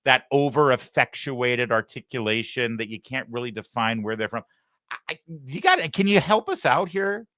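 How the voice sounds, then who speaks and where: Guy hosting a talk show, mocking and sarcastic, lively voice, dead dry room. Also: medium pitch, moderate pace, no room sound. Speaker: host. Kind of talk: commentary.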